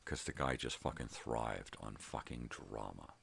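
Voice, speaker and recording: Very deep gravelly older man ranting. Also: unhurried, a bit bright. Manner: profane, heated storytelling. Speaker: vlog host. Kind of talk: casual ranting monologue. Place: home.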